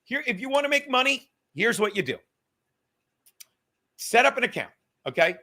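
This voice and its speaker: A young man hosting a livestream, talking in a profane, rambling, animated way. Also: very high voice, moderate pace. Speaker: livestream host. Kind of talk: casual livestream rant.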